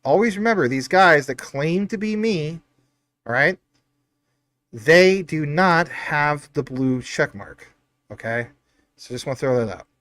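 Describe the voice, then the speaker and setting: A man's voice: on the high side, animated, a little slow, long pauses, a bit bright, no echo. A man hosting a casual livestream, reading out chat comments in an upbeat, chatty, jokey way. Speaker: livestream host.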